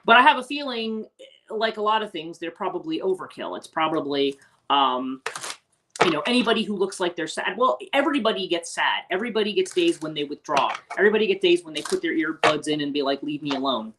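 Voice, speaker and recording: A woman's voice: on the low side, expressive, fairly quick, noisy background. A woman hosting a casual morning livestream, chatting with viewers and rambling with many restarts and asides. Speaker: host; teacher and life coach.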